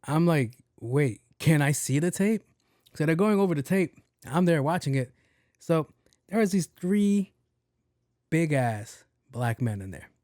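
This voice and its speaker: A man's voice: fairly high pitch, a little slow, dry recording, studio quality. Profane storytelling podcast host, man. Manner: animated, profane, acts out dialogue. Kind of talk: casual storytelling monologue.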